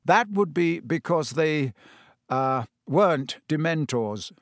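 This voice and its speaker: Professor Lupin, soft and measured, as voiced by a man. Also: a little high, lively intonation, no room sound, studio quality. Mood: gentle. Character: calm, kindly male teacher, quietly amused.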